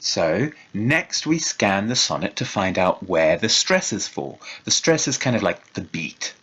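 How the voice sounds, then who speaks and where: Husky-voiced male lecturer. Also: fairly low pitch, very animated, a bit bright, muffled recording. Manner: measured, explanatory, reads verse slowly. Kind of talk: recorded lecture.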